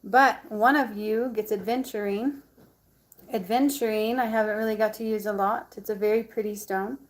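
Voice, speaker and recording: A woman's voice: medium pitch, steady tone, normal speed. A woman chatting casually to her camera as a vlogger, bubbly and full of ums and likes.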